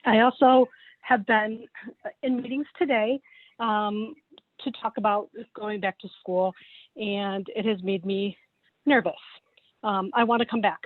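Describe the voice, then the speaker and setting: A woman's voice: medium pitch, fairly even intonation, a little slow, pauses often, no room sound. A middle-aged woman, a special education teacher, giving an earnest, emotional public comment at a meeting, close to tears. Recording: tinny call-in line, dry.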